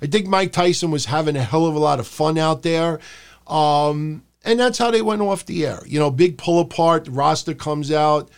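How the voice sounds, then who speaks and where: Guy rambling about wrestling on his podcast, kinda high voice, swears a lot. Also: moderate pace, clean tone. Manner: rambling, profane, does shouted impressions. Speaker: podcast host. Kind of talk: casual wrestling review.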